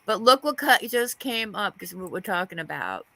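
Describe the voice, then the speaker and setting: A woman hosts a casual gossip panel with a lively, swooping delivery and a gravelly rasp. Her tone is bright and sharp, and she is quick to voice disgust. The sound is dry and close to the mic. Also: medium pitch, no room sound, rough recording. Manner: animated, squeamish, exclaims in disgust. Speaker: panel host.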